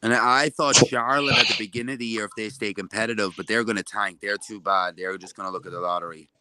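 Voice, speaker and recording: A man's voice: fairly low pitch, fairly even intonation, fast talker, heavy background noise. A man co-hosting a fan podcast, talking basketball trades in a laid-back, informal way. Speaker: podcast co-host. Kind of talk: casual sports chat.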